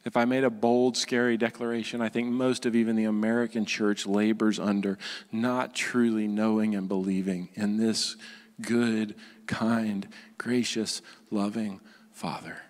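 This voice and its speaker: A man's voice: on the low side, little pitch movement, a little slow, a little mellow, long reverb tail. A male pastor preaching a sermon, emphatic, often asking the congregation rhetorical questions. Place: church sanctuary.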